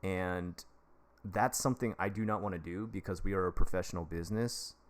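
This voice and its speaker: A man in his thirties with a fairly low voice talks casually on a live stream. He gives relaxed, rambling advice. He keeps breaking off in excitement to thank viewers. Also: fairly quick. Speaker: livestream host giving advice.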